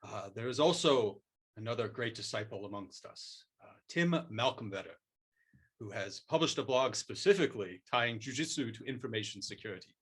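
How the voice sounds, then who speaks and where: A man voicing a solemn martial arts master who lectures in a quiet, deliberate way. The voice itself is bright and pointed, and the delivery stays mock-serious and unhurried. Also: lowish voice, expressive, husky. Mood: lecturing. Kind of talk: improvised comic role-play.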